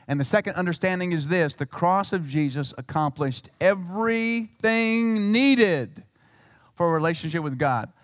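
A man's voice: sits high, moderate pace, no room sound, studio quality, big-room sound. Emphatic male pastor preaching. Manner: animated and emphatic, acting out quotes. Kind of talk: sermon.

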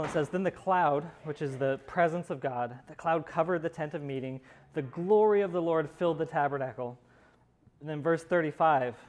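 Man leading a Bible class, slightly higher voice, loose and conversational with fillers. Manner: conversational, explains with many fillers and restarts. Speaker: Bible study teacher.

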